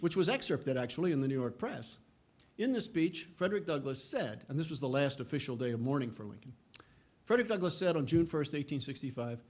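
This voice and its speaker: A man's voice: mid-range voice, a little mellow. A middle-aged man giving a history lecture, earnest, with frequent restarts and a lift in voice when reading quotations. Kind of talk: public lecture.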